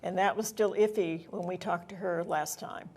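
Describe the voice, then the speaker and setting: A woman's voice: on the low side, steady tone, normal speed, a little mellow. A woman co-hosting a live election night broadcast, recapping news with eager interjections. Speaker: co-host on election night panel. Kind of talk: live studio broadcast chat.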